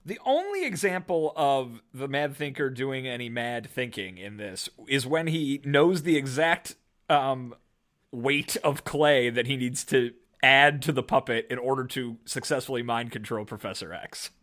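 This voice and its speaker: A man's voice: mid-range voice, lively intonation, a little slow, fairly bright tone. A man co-hosting a podcast, recapping a comic book with jokey asides in casual chat. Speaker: podcast co-host.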